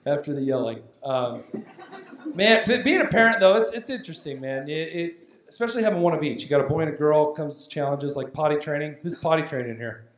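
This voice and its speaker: Animated stand-up comic in echoey hall. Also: male voice, a little high, fairly quick. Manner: animated, chatty, riffs with audience. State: winded from yelling. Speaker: stand-up comedian. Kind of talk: live stand-up comedy. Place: large hall at a benefit show. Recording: echoey hall, noisy crowd.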